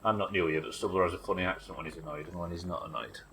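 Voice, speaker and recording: This streamer, a Kiwi man with an unremarkable accent, narrates his gameplay live and thinks out loud about what to do next. He has a low yet bright, punchy voice, keeps a steady tone while talking fast, chats with viewers and curses offhandedly; there's a faint hiss or hum.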